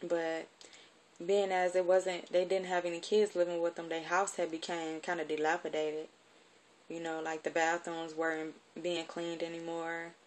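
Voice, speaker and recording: A woman telling a personal story in a halting, informal way with many fillers. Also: fairly low pitch. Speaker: vlogger.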